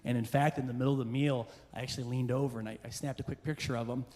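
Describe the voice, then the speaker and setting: A man telling a funny personal story in a sermon to a church crowd, moving between playful jokes and hushed earnest moments. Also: medium pitch, steady tone, racing. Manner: comic, self-deprecating storyteller who shifts into hushed earnest passages. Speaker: church speaker. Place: church hall with a live audience. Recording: roomy hall reverb with faint background noise.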